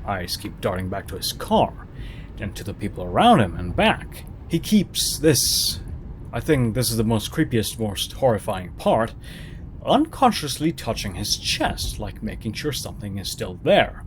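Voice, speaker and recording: Man narrating with wildly swooping pitch. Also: big pitch swings, unhurried, a little hiss or hum. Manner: dramatic, sarcastic, swooping intonation. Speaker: horror story narrator. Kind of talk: reading a first-person horror story.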